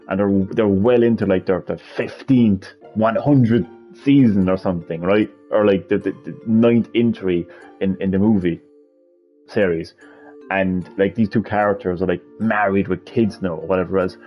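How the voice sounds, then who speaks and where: A man in his thirties talks casually over a video game, rambling and laughing as he goes. His voice sits low, the recording sounds dull and lo-fi, and soft game music plays underneath. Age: 30s. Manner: chatty, rambling, laughs easily. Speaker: let's play host. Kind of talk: casual gameplay commentary.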